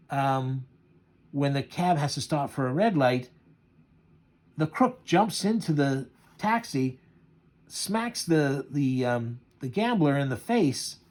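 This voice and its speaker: A man reviewing a comic in a casual commentary, chuckling as he goes and halting often with fillers. His voice sits at a middle pitch. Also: a little mellow.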